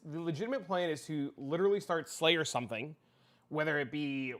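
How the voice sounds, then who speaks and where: A man's voice: on the high side, animated, fast, fairly bright tone. A man livestreaming, chatting casually with his viewers in a rambling, profane way, often repeating himself.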